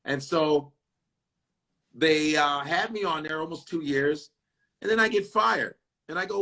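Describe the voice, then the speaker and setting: Blunt, bright-voiced comedian. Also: male voice, a little high, a little slow. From Chicago. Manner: blunt, profane, animated storytelling that acts out other people's lines. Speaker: comedian guest. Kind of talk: casual interview chat.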